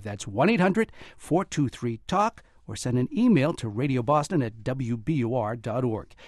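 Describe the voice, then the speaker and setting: A man's voice: medium pitch, no echo. A man hosting a radio talk show, narrating a feature and then introducing guests in the studio. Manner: lively, animated delivery.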